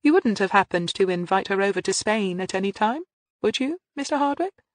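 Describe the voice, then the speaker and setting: A narrator voicing a shrewd woman police inspector who asks crisp, probing questions. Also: medium pitch, expressive, a little fast, no echo, pitched above the performer's own voice, natural voice.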